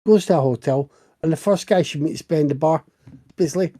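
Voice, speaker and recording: A man's voice: a little high, fast, dark tone. A middle-aged man co-hosting a podcast, telling stories in a wry, chatty way. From Britain. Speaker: podcast co-host. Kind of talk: casual chat.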